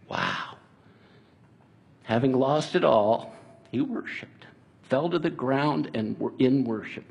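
A man preaching a sermon in an earnest, conversational way, dropping soft and slow at times. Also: medium pitch, lively intonation, creaky, husky. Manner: earnest, conversational preaching with restarts and quiet, slowed passages. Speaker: pastor.

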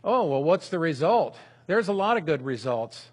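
Husky-voiced man preaching conversationally. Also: fairly high pitch, big pitch swings, moderate pace. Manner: conversational preaching, with prayers spoken aloud as examples. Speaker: pastor. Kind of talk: sermon.

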